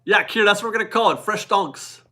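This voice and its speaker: Racing along in a high-pitched, bright, forceful voice, this man in his forties hosts a laid-back live stream out of his garage at home. He's chatty and upbeat, frequently laughing as he reads out donations from viewers.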